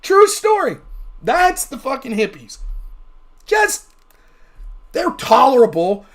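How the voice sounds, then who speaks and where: A man's voice: very high-pitched, wildly swooping pitch, takes it slowly, a bit bright. A man hosting a livestream and telling a long, rambling story in a casual, profane way. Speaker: livestream host.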